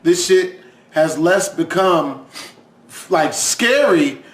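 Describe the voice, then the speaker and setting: A high-voiced man tears into a scary story with crude, profane jokes, breaking into loud shouts and mocking voices. The sound carries a roomy echo around him. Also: lively intonation, drawn-out words. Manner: crude, loud outbursts, mock voices of others. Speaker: reaction video host. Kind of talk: profane comedic reaction commentary.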